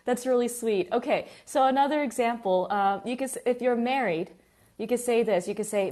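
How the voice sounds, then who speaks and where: A woman's voice: on the high side, moderate pace, a little mellow. Woman, English teacher, chatty online class, greets students by name. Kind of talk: live online English lesson.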